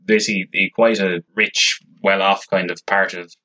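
Bright husky Irish guy chatting. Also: sits low, little pitch movement, normal speed. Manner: chatty, wry, sarcastic asides. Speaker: podcast co-host. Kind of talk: casual chat.

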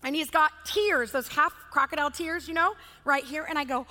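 A high, bright woman's voice preaching with lively, animated storytelling. She is middle-aged and slips into voices for the people in her story. The sound carries a long hall reverb. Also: normal speed, few pauses. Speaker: guest speaker. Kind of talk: sermon with storytelling.

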